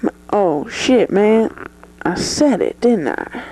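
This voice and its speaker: A brash, high-voiced male movie star, put on by a performer in a comedy sketch. He swears at every turn, drops "man" into every sentence and drawls along slowly. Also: big pitch swings, dark tone, heavily acted, low-quality recording. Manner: swears constantly and keeps saying "man". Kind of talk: improvised comedy sketch interview.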